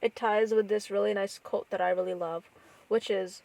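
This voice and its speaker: A woman's voice: mid-range voice, steady tone, normal speed, darkish tone, no echo. Woman podcast cohost, thoughtful and easygoing, dry close mic. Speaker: podcast co-host. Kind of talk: casual chat.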